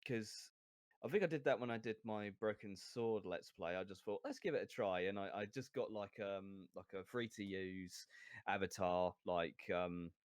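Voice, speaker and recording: Hesitant low-voiced young man. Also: normal speed, no room sound, clean studio sound. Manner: hesitant, self-deprecating, laughs often. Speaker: guest streamer. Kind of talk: casual chat. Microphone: home mic over a voice call.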